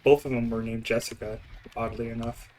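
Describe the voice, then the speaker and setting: A man's voice: medium pitch, little pitch movement, a little fast, darkish tone. A young man with an Eastern Canadian accent, chatting and rambling while he streams a building game, often laughing. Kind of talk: casual gameplay commentary.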